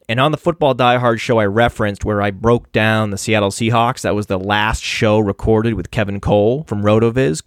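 Guy hosting a fantasy football podcast, ranting hard, mid-pitched voice, dry close mic. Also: dry recording. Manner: emphatic, exasperated, ranting. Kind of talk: opinionated podcast monologue with ad read.

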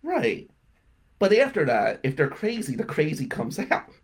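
Husky man hosting a talk show. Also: a little high, wildly swooping pitch, unhurried. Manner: self-mocking storytelling, laughing at his own jokes. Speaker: radio show host. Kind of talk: comedic talk-show monologue. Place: radio studio.

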